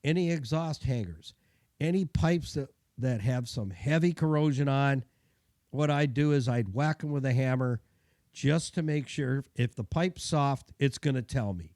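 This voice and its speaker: Chatty mechanic with a mellow voice. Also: male voice, medium pitch, a little slow, no echo, studio quality. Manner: chatty, self-deprecating, acts out the people in his story. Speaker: mechanic giving car care tips. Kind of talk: casual storytelling and advice.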